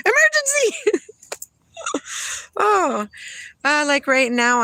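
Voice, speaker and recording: A woman's voice: on the low side, sharp tone. A middle-aged woman vlogging a rambling spiritual monologue, laughing often and talking to her parrot.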